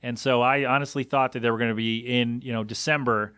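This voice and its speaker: A man in his thirties, a podcast and radio host, rambles through a story on his own solo podcast in a loose, self-deprecating way with plenty of fillers. His medium-pitched, slightly bright voice is fairly even in intonation, and he talks fast with few pauses. The studio sound is clean with no echo.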